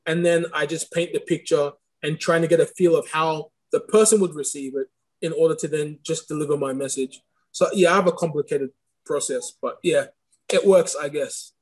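Man, podcast guest, speech impediment, slightly high voice, rambling, reflective. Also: normal speed, darkish tone. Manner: rambling, thinks aloud with restarts. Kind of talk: reflective interview answer.

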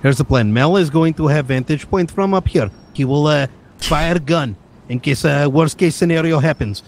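Calm man laying out a plan. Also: fairly high pitch, normal speed, a little hiss or hum. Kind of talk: in-character role-play chat.

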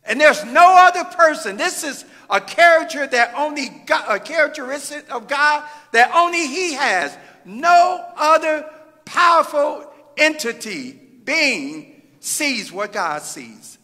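A middle-aged man from the Midwest, a pastor delivering a fervent sermon with drawn-out phrases and pauses in a church sanctuary. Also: very high voice, sing-song, sharp tone. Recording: reverberant church hall.

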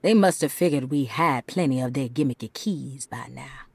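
Frightened diarist, whispered role-play, breathy, very low, dry game voice. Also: female voice, normal speed, a little mellow, no echo, full character voice. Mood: anxious.

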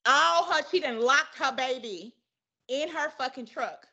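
A young woman spins a profane, dramatic tale in a casual podcast chat, jumping into each character's voice. Her voice sits high and sounds bright and sharp. The audio comes through slightly dull and lo-fi. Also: measured pace. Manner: profane, dramatic storyteller who acts out both sides of arguments. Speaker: podcast guest. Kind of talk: animated storytelling in casual chat.

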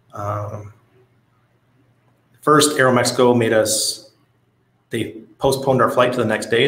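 A man with a lowish voice hosts a casual livestream, chatting to viewers and telling stories. He talks bluntly and swears freely. The room around him sounds echoey. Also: a bit bright. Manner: blunt, profane storyteller reading viewer comments. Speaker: crypto livestream host.

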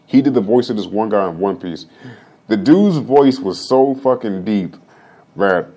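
A young man chats on his podcast in a voice that sits a little low. He rambles, jokes and swears freely. He drifts off topic and then pulls himself back. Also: a little mellow. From Vallejo, Northern California. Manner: rambling, joking and profane, often trailing off topic. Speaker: podcast host. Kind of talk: casual livestream chat.

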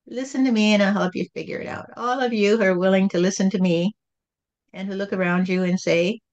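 A woman channeling God as a calm, patient spirit, speaking in a gentle, repetitive teaching tone. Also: medium pitch, brisk, lo-fi sound, close to an everyday voice.

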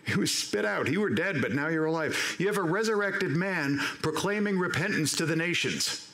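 Lively, animated male preacher. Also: fairly high pitch, moderate pace. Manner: animated, acts out quoted voices. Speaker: pastor. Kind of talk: sermon. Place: church sanctuary. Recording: roomy church echo.

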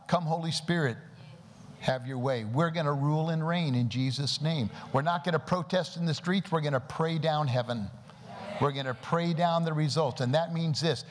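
A man's voice: medium pitch, normal speed. A man preaching a sermon to a church congregation, praying aloud and pressing listeners with rhetorical questions. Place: church service before a congregation. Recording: long hall reverb with faint background noise.

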